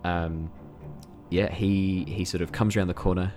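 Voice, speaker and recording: A man runs a tabletop game as game master in a very deep voice. He talks in a relaxed, hesitant way, full of fillers and chuckles. Clear background music plays under him. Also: normal speed.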